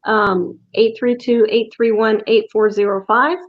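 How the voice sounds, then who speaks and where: A woman's voice: a little high, fairly even intonation, unhurried. A woman who owns a metaphysical shop, talking as a guest in a casual interview, explaining things patiently and laughing easily. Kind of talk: casual interview over a video call. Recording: dull lo-fi call audio.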